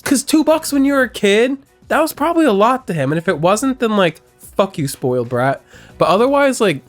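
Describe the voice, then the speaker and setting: A man's voice: extremely high pitch, animated, brisk, dry recording. Thirty-ish streamer guy rambling about his life, voice bouncing around, faint music under it. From Missouri, US. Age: 30s. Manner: rambling, joking, candid storytelling. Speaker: gaming streamer. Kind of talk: casual let's-play commentary.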